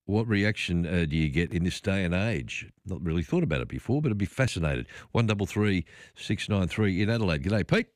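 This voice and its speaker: Lively low-voiced Australian radio host. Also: male voice, a little fast, no echo, studio quality. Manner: relaxed, chatty, takes calls. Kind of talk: late-night talkback radio. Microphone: studio microphone.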